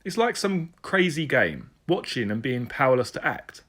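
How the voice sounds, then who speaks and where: A man's voice: medium pitch, sing-song, moderate pace, a bit bright. A man voicing a frustrated detective who asks earnest, questioning lines. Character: frustrated male detective, thoughtful and restless.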